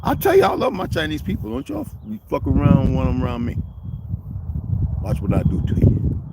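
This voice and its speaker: A man's voice: mid-range voice, moderate pace, creaky. A man livestreaming outdoors, rambling casually to his chat, swearing a lot and laughing often. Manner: profane, animated, laughs often. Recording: loud outdoor background noise.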